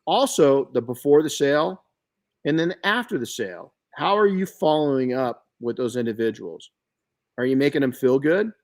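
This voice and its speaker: Middle-aged male podcast host, mid-pitched, animated storyteller who trips over his words and restarts. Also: moderate pace. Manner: storytelling, animated, frequent restarts and self-corrections. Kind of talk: casual podcast chat.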